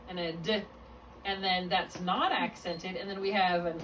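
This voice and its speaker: A woman teaches phonics one-on-one at a patient, step-by-step pace and often stops to correct herself. Her voice sits at a middle pitch. She is picked up from some distance, with a faint hiss in the background. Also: normal speed. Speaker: reading tutor. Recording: distant mic with faint room noise.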